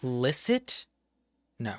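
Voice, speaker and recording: In casual solo gameplay commentary, a streamer works through crossword clues, spelling out letters, muttering, and swearing occasionally out of mild frustration. He has a mid-range voice that is very animated yet very slow. The recording is dry and studio quality.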